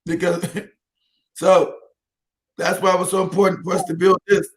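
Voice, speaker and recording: A man's voice: sits high, level tone, a little slow. A man from the United States talking as an interview guest, emphatic, repeating himself and laughing between points. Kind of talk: heated interview talk.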